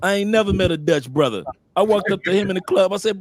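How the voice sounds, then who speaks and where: A man hosting a casual live stream, telling stories in an animated way with many restarts. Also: high-pitched, fast talker, no echo. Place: living abroad, talking from home.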